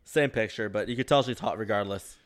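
A man's voice: lowish voice, brisk. Easygoing swearing Canadian man. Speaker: podcast co-host. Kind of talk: casual podcast banter.

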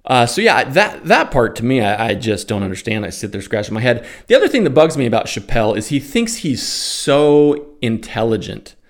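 A stock day trader and commentator with a medium-pitched, very animated voice talks at a moderate pace with few pauses. His casual monologue is an opinionated, exasperated, sarcastic rant full of mocking put-on voices, after which he calls out live stock trades.

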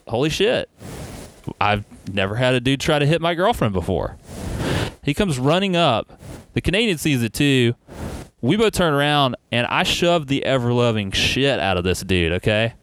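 A young man tells a story on a podcast in loose, animated chat, full of "like" and swearing. His voice sits at an ordinary middle pitch. Faint noise hums under the recording. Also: normal speed. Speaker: podcast co-host.

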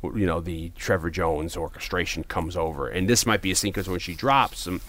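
A man in casual conversation, animatedly retelling a movie scene and loudly acting out quoted lines. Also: sits low, a little fast.

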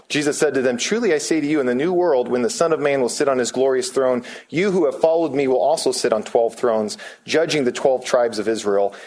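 A male pastor preaching a sermon, reading scripture aloud and then explaining it in a relaxed, conversational way, lifting his voice when he quotes people. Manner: voices quoted speakers with raised pitch.

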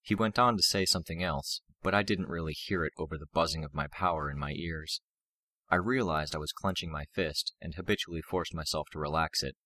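A man narrating an audiobook in a steady, measured reading style. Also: low-pitched, no echo. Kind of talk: scripted narration.

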